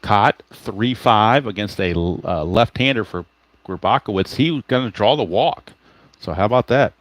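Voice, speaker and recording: A man's voice: lowish voice, expressive, moderate pace, no room sound, low-quality recording. A man calling a solo tabletop baseball game in a casual play-by-play style, chatty and self-correcting, muttering to himself while he hunts for cards.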